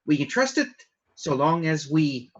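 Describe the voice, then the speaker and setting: A man playing an eccentric noble baron in a tabletop game, musing with dry jokes and drawn-out hums. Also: on the high side, sing-song, dull audio. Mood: wry.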